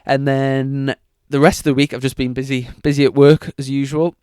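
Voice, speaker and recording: A young man co-hosting a casual podcast chat, speaking in a steady, measured, matter-of-fact way. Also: medium pitch, clear, resonant tone, dry recording, studio quality. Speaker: podcast co-host.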